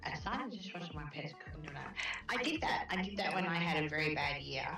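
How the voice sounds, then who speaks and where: An Australian woman hosting a relaxed stream, chatting casually and giggling while she draws at home. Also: low-pitched, fast talker, soft background music. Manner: chatty, giggly, self-deprecating. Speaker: stream host and artist. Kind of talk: casual chat while drawing. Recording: echoey room.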